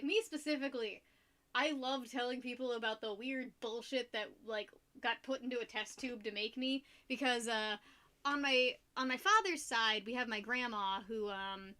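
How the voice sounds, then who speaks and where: A woman's voice: on the high side, bright, forceful tone. A young American woman streaming and chatting casually with viewers, rambling, filling with fillers and laughing often. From United States. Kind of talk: casual chat with viewers while painting.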